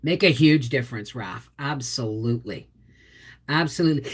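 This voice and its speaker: A woman's voice: fairly low pitch, sing-song, unhurried, fairly bright tone. A middle-aged woman from Quebec chatting casually on a livestream, greeting viewers by name. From Quebec, Canada. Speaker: homestead channel host. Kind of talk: casual livestream chat reading comments.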